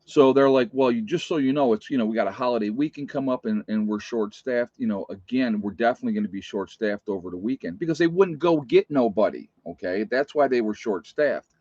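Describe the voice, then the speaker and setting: A man's voice: mid-range voice, a little fast, warm tone, no room sound. A man who works as a nurse tells stories from his shifts in a blunt, plainspoken, emphatic way, in a casual vlog. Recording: dull, muffled recording.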